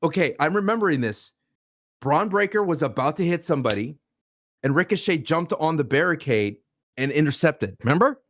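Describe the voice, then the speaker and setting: A man's voice: a little high, expressive, brisk, a bit bright, dry recording, studio quality. A man co-hosting a podcast, arguing in casual banter with playful mock grief and bursts of stammering. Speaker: podcast co-host.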